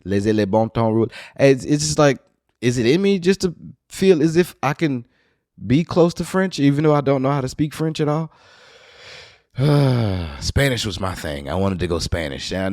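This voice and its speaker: A man from New Orleans with a local accent, hosting a podcast and telling a rambling, profane story in casual monologue, now and then jumping into high excited bursts. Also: dry recording, clean studio sound. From New Orleans, USA. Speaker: podcast host.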